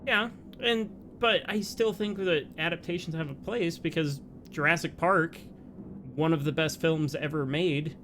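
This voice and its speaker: Animated man chatting over a game. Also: on the high side, measured pace, slight background noise. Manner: animated, laughs often, talks in bursts with many "like"s. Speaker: let's play co-host. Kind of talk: casual gameplay commentary.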